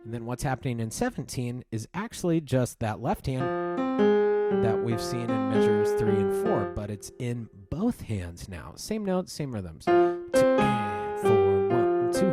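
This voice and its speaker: Explaining a piece in a piano tutorial, a man counts the swing rhythm aloud as he plays, his medium-pitched voice expressive and at normal speed. Loud piano playing fills the background.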